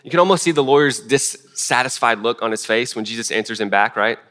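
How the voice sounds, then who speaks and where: A man preaching a sermon in a relaxed, conversational way, full of restarts and self-deprecating asides. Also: medium pitch, a little fast. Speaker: pastor.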